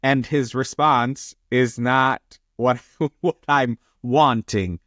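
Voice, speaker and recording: A man's voice: medium pitch, steady tone, extremely slow, a bit bright, dry recording, clean studio sound. A man co-hosting a podcast conversation, asking questions and playing devil's advocate. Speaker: podcast co-host.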